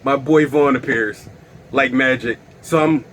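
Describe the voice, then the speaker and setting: A young man telling a wild story on his vlog in a casual, animated way, swearing and bursting into loud exclaims. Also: medium pitch, unhurried, a little hiss or hum. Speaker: vlogger.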